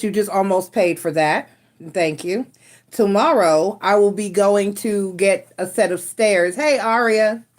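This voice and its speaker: A woman chats casually on her live stream and talks through her frustrations in a rambling way. She often starts over and trails off with sighs. Her voice sits at an ordinary middle pitch. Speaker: tarot reader and live stream host.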